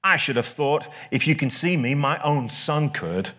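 A man's voice: on the high side, expressive, a little slow, bright, forceful tone. A man reading a snappish ghost mother. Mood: curt. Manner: snappish, demanding. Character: bitter, possessive ghost of a mother.

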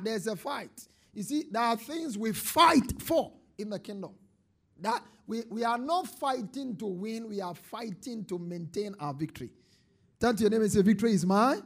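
High-voiced preacher building to shouts. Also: male voice, normal speed. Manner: animated preaching, swinging from quiet to shouted call-and-response. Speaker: pastor. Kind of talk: sermon. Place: church service before a congregation.

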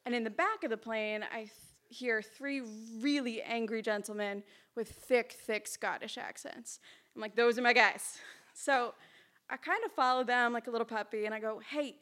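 A woman telling a personal story at a live storytelling event, chatty, lively and self-mocking, on a stage mic in a small hall. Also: a little high, normal speed.

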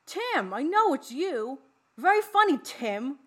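A woman's voice: big pitch swings, a bit bright, heavily acted. A woman putting on a campy, drawling man's voice as she acts out a movie line. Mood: mock-annoyed. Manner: slow, high, drawn-out campy delivery. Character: campy drawling man calling out to a friend.

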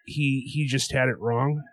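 A man co-hosting a podcast in casual chat, with goofy, deadpan humor. His pitch is middle-range. The recording is dry and close-miked. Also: takes it slowly, dry recording. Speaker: podcast co-host.

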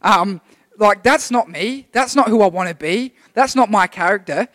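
Delivering an informal, rambling sermon to his church group, a young male youth preacher speaks at a normal pace in a voice that sits high and sounds a bit bright. He keeps restarting his sentences, and the recording carries a long hall reverb.

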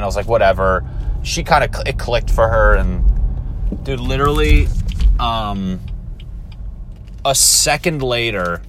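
Young man, lowish voice, swearing rant from the driver's seat, faint road noise. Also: normal speed, long pauses. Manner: profane, animated storytelling rant. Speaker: vlogger. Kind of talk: casual rant. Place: in a car while driving.

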